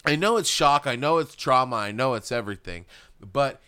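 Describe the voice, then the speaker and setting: A man's voice: mid-range voice, lively intonation, normal speed, sharp tone, clear, resonant tone. A man co-hosting a podcast, chatting casually and swearing a lot, acting out quotes as he goes. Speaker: podcast co-host. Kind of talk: casual chat recapping a show.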